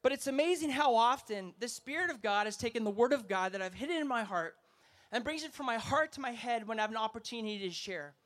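A man preaching an energetic sermon to a festival crowd, emphatic and asking the audience to respond. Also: very high voice, quick pace. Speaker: evangelist speaker.

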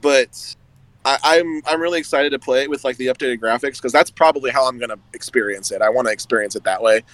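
A man's voice: mid-range voice, quick pace, a bit bright, dry recording, rough recording. A man in casual chat who rambles with lots of "like" and laughs often.

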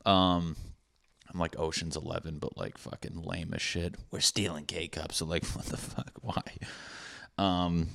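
A man with a very low, deep voice rambles through a casual solo podcast, swearing freely and joking as he drifts from one tangent to the next. The sound is dry and close, with little room around it. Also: level tone, measured pace, creaky, a bit bright, no echo. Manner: rambling, profane, jokey, goes off on tangents. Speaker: podcast host. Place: apartment room with thin walls.

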